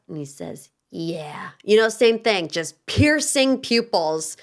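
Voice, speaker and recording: A young woman talks through reality TV drama as a podcast host, chatty and sassy, with hot takes. Her voice sits at an ordinary middle pitch for a woman. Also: lively intonation, a little slow. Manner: chatty, sassy, acts out quotes in shifted voices. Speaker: pop culture podcast host. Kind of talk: casual opinionated commentary.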